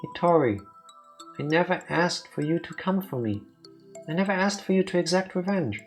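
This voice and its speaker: A man voicing a gentle ghostly young male bird in a visual novel who speaks softly and quietly, with a pleading sorrow. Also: fairly high pitch, expressive, moderate pace, faint music behind, pitched above the performer's own voice. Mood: sorrowful.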